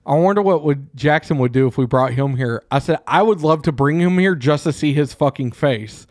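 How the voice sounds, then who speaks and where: A man co-hosting a podcast, telling a profane, animated story in casual chat. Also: fairly high pitch, moderate pace, dry recording, clean studio sound. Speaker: podcast co-host. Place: small room.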